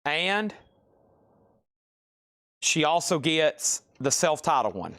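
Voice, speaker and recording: A man hosting a live-stream vinyl auction, calling bids and names in hyped, rapid patter and acting out buyers' amazed reactions. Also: a little high, very animated, a bit bright. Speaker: live sale host.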